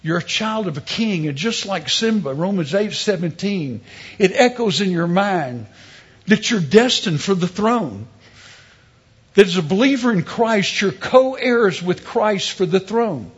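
A man's voice: high-pitched, expressive, measured pace, breathy edge, highs cut off. A middle-aged male pastor preaching a sermon, mixing scripture with humorous personal stories. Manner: storytelling with humor, emphatic preaching.

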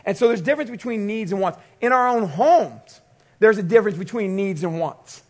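Man, high voice, pastor, animated storytelling sermon. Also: fairly quick. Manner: storytelling, animated, quotes others.

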